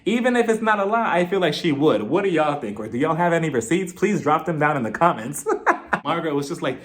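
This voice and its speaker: A man giving a casual, gossipy recap of a reality TV episode, animated and often laughing. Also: on the high side, fairly quick. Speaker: TV show reviewer.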